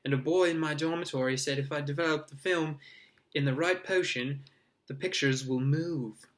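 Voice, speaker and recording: A man reading aloud, voicing an excitable young schoolboy who talks in a rushed, pleading way. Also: fairly high pitch, natural voice. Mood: eager.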